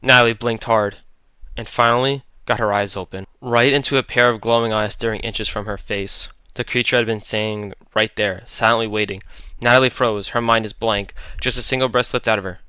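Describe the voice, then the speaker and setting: A man narrating a horror story in a dramatic, deliberate way. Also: on the low side, fairly even intonation, sharp tone, smooth, dry recording.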